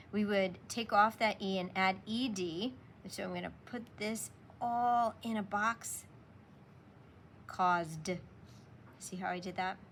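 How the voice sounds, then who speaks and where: A woman teacher patiently takes young children through a spelling lesson, sounding out letters and sounds. She has a medium-pitched voice, with slight background noise.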